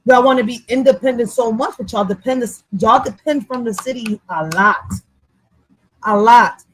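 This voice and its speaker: A young woman, ranting on a livestream in an animated, profane and heated way. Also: fairly high pitch, moderate pace, a little hiss or hum, low-quality recording. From Philadelphia. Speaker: vlogger. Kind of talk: livestream rant.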